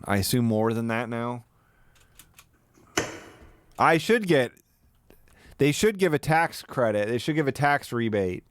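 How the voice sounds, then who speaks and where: A man's voice: medium pitch, animated, measured pace, pauses often, clean tone, dry recording. A young man live-streaming his commentary on a video, mocking the clip with profane, swooping outbursts. His voice rises and falls widely, and it sounds close and dry, with no room in it.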